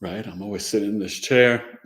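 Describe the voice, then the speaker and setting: A man's voice: on the low side, moderate pace, a bit bright. A middle-aged man hosting a casual astrology livestream, chatty and playful, reading viewers' charts and dropping in Spanish words.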